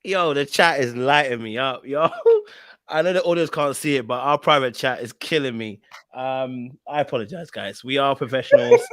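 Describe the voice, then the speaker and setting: A man's voice: mid-range voice, moderate pace, fairly bright tone, no echo. A man hosting a casual online panel discussion, laughing often and apologizing to the panel. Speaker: podcast host.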